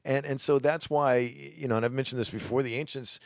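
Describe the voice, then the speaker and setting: A man's voice: mid-range voice, steady tone, fairly quick. A man co-hosting a casual radio talk show, speaking reflectively and musing over ideas with his co-host. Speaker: podcast co-host. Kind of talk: casual conversation.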